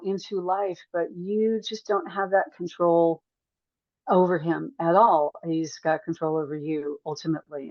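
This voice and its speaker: A woman guest author, talking through ideas in a thoughtful, analytical way, often restarting a phrase. Her voice sits fairly low. The audio is dry and a bit muffled. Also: no echo. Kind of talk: interview conversation.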